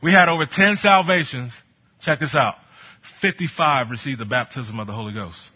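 A man preaching a sermon, telling stories from his ministry and building to bold exhortation, with a husky voice. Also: mid-range voice, normal speed. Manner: animated, storytelling, rising to bold exhortation. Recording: dull lo-fi sound.

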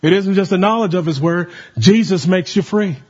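Guy preaching w a high husky voice, calls out to the crowd, dull lo-fi sound. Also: normal speed, a little mellow. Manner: rising to emphatic calls, leading the congregation. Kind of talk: sermon with call and response.

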